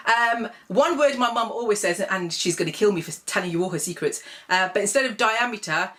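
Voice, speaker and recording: A woman's voice: a little high, lively intonation, moderate pace, fairly bright tone. A woman from England, talking casually to camera in a comic video blog, chatty and amused, with many ums. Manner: chatty and amused, many ums, laughs at her own examples. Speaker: vlogger.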